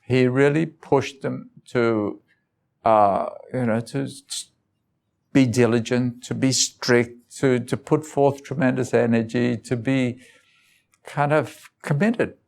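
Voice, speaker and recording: A man's voice: mid-range voice, fairly even intonation, slow, vocal fry, darkish tone. A man giving an informal talk, telling personal stories in loose, conversational phrasing and chuckling often. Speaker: guest speaker.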